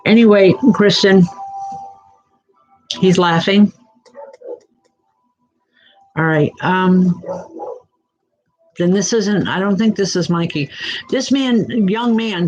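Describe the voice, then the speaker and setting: A woman acting as a reverend and psychic medium, giving live readings in a gentle, reassuring way and calling viewers by name, with many "um" fillers. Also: lowish voice, a little slow, long pauses, dull audio, soft background music.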